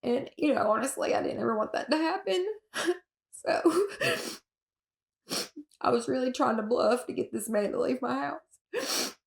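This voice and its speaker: A Southern woman from Alabama, recounting her own story in an interview in a halting way, with many fillers and restarts and nervous laughs. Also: sits high, expressive, creaky. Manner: emotional, with nervous laughs at hard moments.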